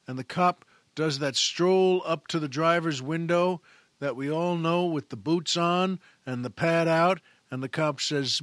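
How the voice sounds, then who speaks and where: Chatty man hosting a show, slightly high voice. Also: moderate pace, fairly bright tone, no room sound. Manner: chatty, folksy, self-amused. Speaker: radio host. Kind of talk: casual storytelling monologue.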